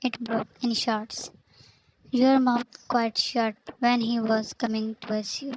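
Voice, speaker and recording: A woman narrates a fanfic story in a fairly high voice. She reads slowly and flatly, with hardly any rise or fall, and reads the speaker tags aloud. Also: a little hiss or hum, low-quality recording. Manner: flat, even reading, speaker tags read aloud.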